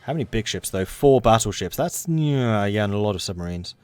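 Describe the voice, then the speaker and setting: A man's voice: lowish voice, lively intonation, fairly quick, darkish tone, smooth, no room sound, faint music behind. Man muttering over a strategy game. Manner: thinks aloud, muttering and correcting himself. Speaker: game streamer. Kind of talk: casual gameplay commentary.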